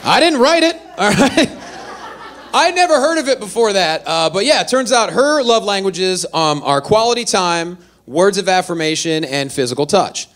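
A man performing a stand-up comedy set, telling animated, self-deprecating stories. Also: high-pitched, normal speed. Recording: live venue with faint audience.

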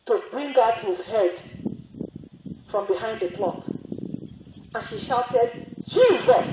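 A religious sister giving a sermon, telling a story with repetition and emphatic rising exclamations. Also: female voice, mid-range voice, slight background noise. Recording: echoey, phone-like narrow sound.

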